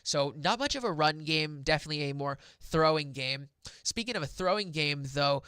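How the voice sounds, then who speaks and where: A young man talks football like a fan, excitable and rambling, circling back to his own points. His voice is bright and forceful with a smooth, clear tone. It sits a touch high and sounds close and dry. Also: normal speed, dry recording. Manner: rambling and excitable, many fillers and restarts. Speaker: sports podcast host. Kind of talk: casual football talk.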